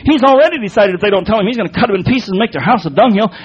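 A man preaching a sermon, explaining a Bible passage in an emphatic, folksy way with repeated words and quick restarts. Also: sits high, expressive, breathy edge, highs cut off.

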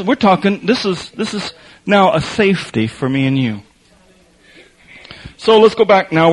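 A man preaching a sermon, telling a lively story with laughs and then reading scripture slowly and quietly. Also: a little high, rough recording.

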